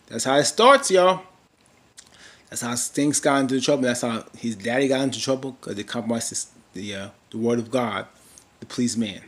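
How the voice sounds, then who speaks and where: A man's voice: medium pitch, normal speed, fairly bright tone. A man casually recapping a TV drama episode, rambling with many fillers and restarts and briefly mimicking characters.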